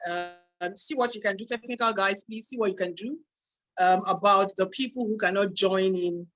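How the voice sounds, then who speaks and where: A woman with a Nigerian English accent hosting a live online meeting over a computer mic, chatty and lively, reading out audience comments as they come in. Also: on the low side, poor audio.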